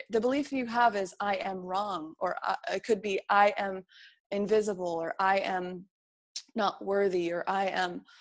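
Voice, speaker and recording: A woman's voice: medium pitch, vocal fry. A woman being interviewed, talking earnestly and encouragingly about feelings and beliefs, often voicing inner thoughts as quotes. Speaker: interview guest. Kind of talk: reflective interview talk.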